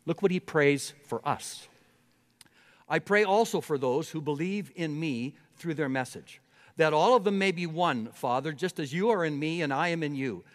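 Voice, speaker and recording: Higher-voiced preaching man in a reverberant hall. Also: normal speed. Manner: preaching with rising emphatic repetition. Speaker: pastor. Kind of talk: sermon.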